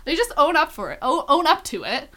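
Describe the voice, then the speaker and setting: Young woman, podcast co-host, bright tone, casual filler-heavy chat. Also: high voice, sing-song, fairly quick. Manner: chatty, filler-heavy, lots of "like".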